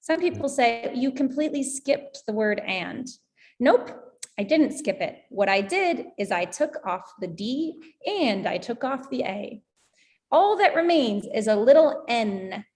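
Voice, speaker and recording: An American woman with a somewhat high voice explains language learning as a guest teacher. She talks in a lively, hands-on way, demonstrating pronunciation with her own examples. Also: a little slow. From United States. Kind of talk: explanatory conversation.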